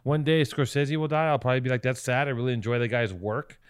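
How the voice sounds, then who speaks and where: A man's voice: mid-range voice, fast, clear, resonant tone, no echo. Man, podcast co-host, casual profane banter, dry close mic. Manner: profane, joking, puts on silly voices. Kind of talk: casual chat. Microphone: studio microphone.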